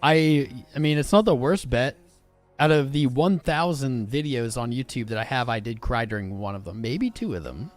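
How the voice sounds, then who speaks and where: A young man hosts a casual livestream, talking straight to his viewers in an excitable, informal way. His pitch swings widely as he speaks. Faint music plays underneath. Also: normal speed. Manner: animated, swearing, informal and excitable. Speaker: crypto livestream host. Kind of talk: casual livestream chat reading viewer comments.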